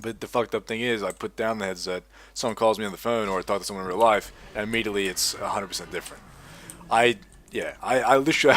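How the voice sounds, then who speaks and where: A man's voice: on the low side, a bit bright. A young man from Australia with a gaming headset, chatting casually and rambling while he plays a game. He swears often and leans heavily on filler words. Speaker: gaming video host.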